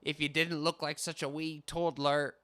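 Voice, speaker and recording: A man's voice: a little high, level tone, normal speed, a bit bright, clear, resonant tone, close to an everyday voice. A man voicing a big, boastful bearded warrior in a hammy, put-on mock Irish accent, reading lines from a video game. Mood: taunting.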